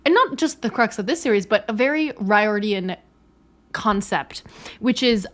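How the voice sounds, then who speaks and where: A woman's voice: mid-range voice, normal speed, a bit bright. A woman in her late twenties co-hosting a book podcast, bubbly and giggly as she retells scenes. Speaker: podcast co-host. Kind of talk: casual podcast chat about a book.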